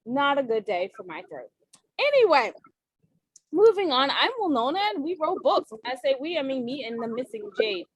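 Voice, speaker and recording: Chatty woman host, higher voice. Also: sing-song, normal speed, breathy edge, no echo, low-quality recording. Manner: chatty, laughs easily. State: tickle in the throat. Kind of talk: casual interview chat.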